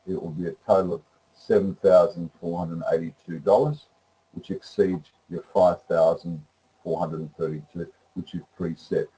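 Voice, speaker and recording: A man presenting a webinar that walks through trading software, rambling with many fillers and restarts. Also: deep voice, breathy edge, rough recording. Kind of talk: live webinar demonstration.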